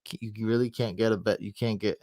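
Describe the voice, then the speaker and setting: A man's voice: lowish voice, fairly even intonation, fairly quick, a little mellow, no echo, studio quality. A man giving casual fantasy football advice on a live stream, thinking aloud and answering questions from the chat.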